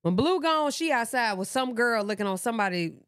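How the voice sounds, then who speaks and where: A woman's voice: fairly high pitch, expressive, fairly quick, clean tone, dry recording, studio quality. A woman hosting a reaction stream, chatting casually in an offhand, laid-back way. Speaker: reaction channel host.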